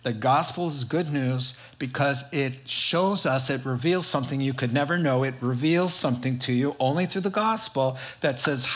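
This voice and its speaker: A man's voice: medium pitch, normal speed, few pauses, fairly bright tone. A man preaching a sermon, telling a story with emphasis and building repetitive rhetorical lists.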